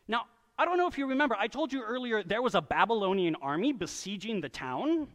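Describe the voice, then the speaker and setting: Male preacher, high and very lively pitch, sermon delivered in a reverberant hall. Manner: storytelling, with quick voiced asides for people in the story.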